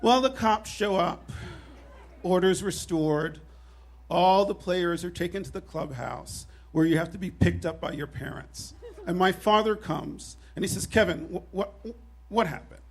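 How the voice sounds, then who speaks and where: A man in his fifties telling a personal story on stage at a live show, animated and wry with self-deprecating humor. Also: high-pitched, a little slow.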